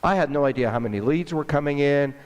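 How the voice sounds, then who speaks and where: A male entrepreneur telling a story in an interview, animated and acting out the dialogue, with long hall reverb. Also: on the high side, fast talker. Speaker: entrepreneur guest.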